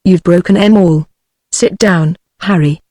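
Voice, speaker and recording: A woman's voice: lowish voice, unhurried, no room sound, clean studio sound. A British English female synthetic voice reading the lines of a genial, unctuous middle-aged male chief inspector in an audiobook. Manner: even synthetic speech reading all parts.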